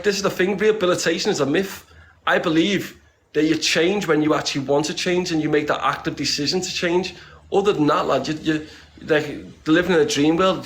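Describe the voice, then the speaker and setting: A blunt, streetwise man chats casually as a guest, swearing freely as he talks. He rambles and restarts his sentences often. His voice sits a little higher than most men's. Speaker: interview guest. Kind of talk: casual conversation.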